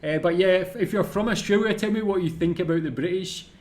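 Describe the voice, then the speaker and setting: Scottish man, reaction host, casual chatty commentary, self-deprecating, slightly high voice. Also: fast talker, darkish tone. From Scotland.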